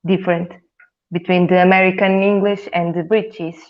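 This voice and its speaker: A woman from Italy, hosting a casual English conversation and steering the talk in a measured way. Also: lowish voice, flat delivery. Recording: tinny phone-like call audio.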